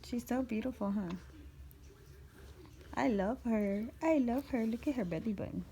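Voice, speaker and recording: A woman's voice: fairly high pitch, moderate pace, dark tone. Affectionate mom filming on her phone. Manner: affectionate baby talk. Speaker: mother and vlogger. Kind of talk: casual home video. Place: at home. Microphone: handheld phone.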